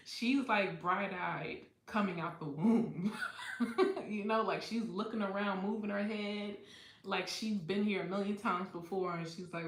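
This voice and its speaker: A woman's voice: mid-range voice, steady tone, unhurried, echoey room. A woman hosting a livestream, telling a personal story in a candid, profane way and laughing often. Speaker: livestream host. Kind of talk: casual storytime chat.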